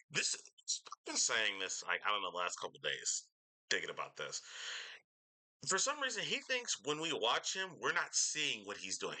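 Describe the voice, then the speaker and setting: A young man giving reaction commentary, ranting in an exasperated, animated way. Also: fairly low pitch. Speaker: commentary YouTuber.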